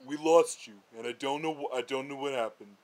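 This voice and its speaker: A man's voice: medium pitch, fairly quick, darkish tone, natural voice. A man doing a scolding older mother. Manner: scolding, theatrical. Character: stern older mother scolding her grown son.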